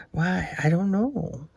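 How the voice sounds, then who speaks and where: A woman's voice: low-pitched, gravelly, breathy edge. A woman craft vlogger chatting casually as she works, often murmuring to herself and dropping into a whisper.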